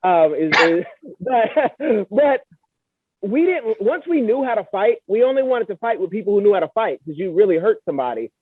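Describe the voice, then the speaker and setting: High-voiced man on a tinny line. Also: big pitch swings, normal speed, slightly rough, dry recording. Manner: chatty, rambling, self-deprecating. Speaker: podcast host. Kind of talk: casual podcast interview. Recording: tinny phone-like dry line.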